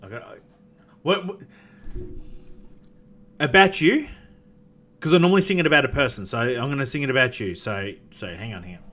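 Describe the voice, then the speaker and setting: A man's voice: medium pitch, lively intonation, brisk, long pauses, fairly bright tone. A man who plays tabletop games, chatting casually, rambling with lots of fillers and restarts and laughing often. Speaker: tabletop game player. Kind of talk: casual chat.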